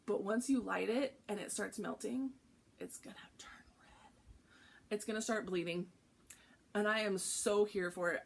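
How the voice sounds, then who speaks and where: Bubbly excited woman vlogger. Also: mid-range voice. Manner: excited, bubbly, chatty with frequent ums and laughs. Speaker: stitching vlogger unboxing a craft box. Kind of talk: casual chat to camera.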